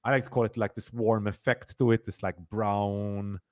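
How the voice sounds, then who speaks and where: Man, fairly low voice, casual podcast host, rambling, fillers, emphatic. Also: little pitch movement, normal speed. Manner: rambling, many fillers and repeats; emphatic complaints. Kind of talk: casual review chat.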